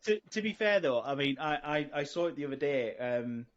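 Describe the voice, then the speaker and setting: A middle-aged man, co-hosting a casual podcast chat and rambling through animated stories with lots of restarts. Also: mid-range voice, fairly quick. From England. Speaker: podcast co-host. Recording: dull lo-fi audio.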